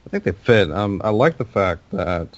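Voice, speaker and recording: A man with a fairly low voice, joking around in a laid-back way while co-hosting a gaming podcast. The sound is dry and close, with a dull, lo-fi quality. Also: animated, normal speed, no room sound. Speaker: podcast co-host. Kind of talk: casual chat about a video game.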